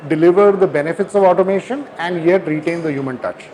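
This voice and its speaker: Earnest male founder with an Indian English accent, halting delivery. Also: fairly high pitch, a little mellow. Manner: hesitant, many fillers, earnest. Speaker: company founder, guest. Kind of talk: conference interview. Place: conference hall.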